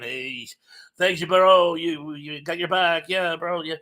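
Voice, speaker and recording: A man's voice: high-pitched, fairly even intonation, moderate pace, bright, forceful tone. A middle-aged man from Massachusetts hosting a casual live chat, reading viewers' comments aloud and adding jokey asides. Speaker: livestream host.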